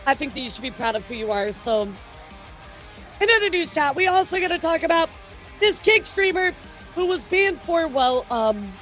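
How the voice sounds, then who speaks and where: A woman streamer chatting casually through the news with her viewers, rambling and excitable, often stammering and swearing. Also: high-pitched, moderate pace, soft background music.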